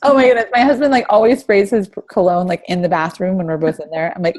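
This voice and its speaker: A woman's voice: medium pitch, quick pace. Woman hyping up her team on a zoom call, lots of questions, upbeat. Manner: energetic, rhetorical questions. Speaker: team leader. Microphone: video call.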